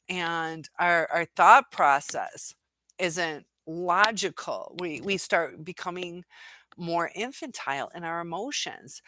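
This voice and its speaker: A woman hosts a casual live-stream chat, reading out viewer comments and answering in a rambling way, with plenty of fillers and quoted asides. Her voice is lowish and a bit bright.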